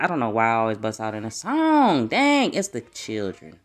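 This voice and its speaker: A woman's voice: a bass voice, huge pitch swings, normal speed, few pauses. A young woman hosting a solo podcast, chatting casually with lots of swearing and laughter. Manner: profane, laughing, rambling. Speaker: podcast host.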